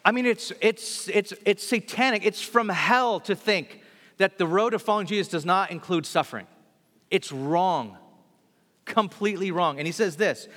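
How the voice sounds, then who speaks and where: Casual male preacher, animated and slangy, slightly high voice; long hall reverb. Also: normal speed. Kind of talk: sermon.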